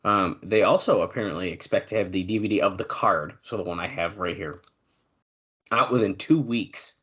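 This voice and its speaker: A man with a very low voice chats casually on a podcast, reading through notes to his co-host. He talks in a relaxed way with plenty of ums and pauses. The sound is dull and lo-fi. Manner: relaxed, reads off notes with fillers and throat clearing.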